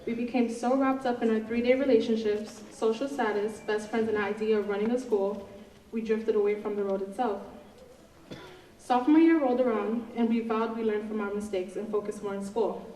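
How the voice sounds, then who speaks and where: A teenage woman reads her class president speech with earnest, slightly nervous care. Her voice is a touch high and mellow. It echoes through a large hall, picked up from far off with faint background noise. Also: fairly even intonation, a little fast. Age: teens. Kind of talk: graduation speech. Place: large auditorium.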